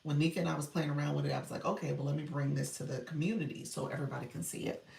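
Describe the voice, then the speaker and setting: A woman's voice: low voice, steady tone, racing, creaky, a little mellow, reverberant, distant mic, a little hiss or hum. A woman coaching on a livestream in casual chat, reading comments, laughing often and thanking viewers by name.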